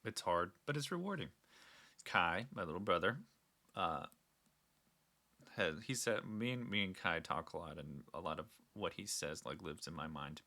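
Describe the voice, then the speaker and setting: A man's voice: low-pitched, lively intonation, normal speed, pushed and bright. A young man hosting a casual solo talk, rambling and earnest with frequent restarts. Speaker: podcast host.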